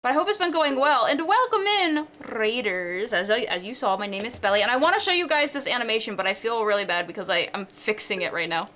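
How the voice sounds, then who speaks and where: A woman's voice: fairly high pitch, animated, quick pace, few pauses, bright, forceful tone. A woman chatting casually on a live stream, bubbly and playful as she greets viewers at her desk microphone.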